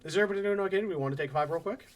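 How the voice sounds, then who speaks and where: A man running a tabletop game as game master, narrating with slow suspense. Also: sits high.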